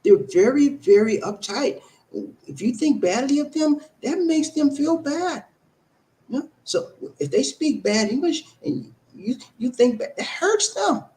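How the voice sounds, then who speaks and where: In a very high, expressive voice with a darkish tone, this vlogger speaks at a measured pace over poor audio. He's from abroad, now lives in the Philippines, and gives viewers casual on-camera advice, emphatic and repetitive, checking in with "okay?" and "huh?"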